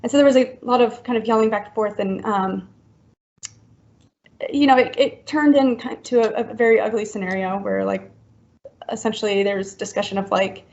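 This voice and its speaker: A woman in her thirties talks through a personal story as a podcast guest, her speech halting and packed with likes and ums. Her voice has a gravelly, creaky texture, and the recording sounds muffled and lo-fi. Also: medium pitch, steady tone, a little mellow. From Florida, US. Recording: dull lo-fi recording.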